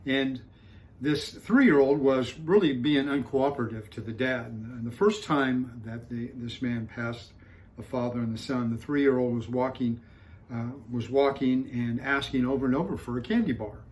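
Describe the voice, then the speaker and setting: A male pastor preaching a sermon, telling a story calmly with frequent pauses and fillers before turning to scripture. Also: medium pitch, low-quality recording. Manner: calm storytelling with frequent fillers, rising for punchlines.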